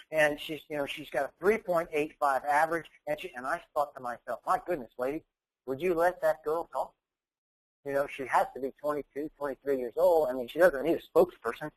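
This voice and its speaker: A man's voice: fairly high pitch, low-quality recording. A man giving a motivational speech, telling a story and acting out its dialogue with emphasis. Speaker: keynote speaker.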